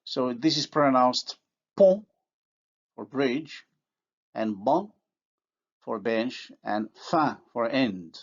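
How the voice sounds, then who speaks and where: A man giving a recorded linguistics lecture, who carefully sounds out each example word. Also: medium pitch. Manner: slow, deliberate, carefully sounds out example words. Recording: dull lo-fi recording.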